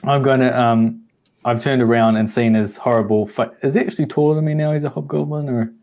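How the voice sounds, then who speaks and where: A young man playing a tabletop game, talking hesitantly with plenty of ums and pauses. He slips in jokes while working out his moves. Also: medium pitch, fairly even intonation, darkish tone. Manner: hesitant, full of ums, joking. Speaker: player.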